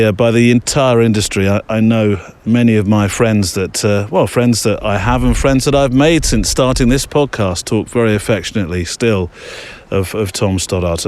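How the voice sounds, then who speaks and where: A man's voice: medium pitch, a little mellow, clear, resonant tone. A man hosting a podcast while walking outdoors in the snow, chatting playfully and reading out listener letters. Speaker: podcast host. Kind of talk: casual podcast chat on a walk.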